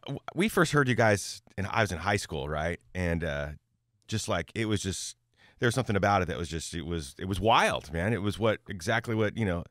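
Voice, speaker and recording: Man, low voice, lively pitch, dry close sound, laid-back host. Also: fairly quick, no room sound. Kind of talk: casual chat.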